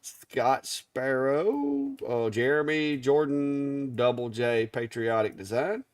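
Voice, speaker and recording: Middle-aged Southern man with an Alabama accent, easygoing live-show co-host, mid pitch, dry and close. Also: animated, slow pace, darkish tone, dry recording. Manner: easygoing drawl, stumbles over names. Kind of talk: casual live-stream chat.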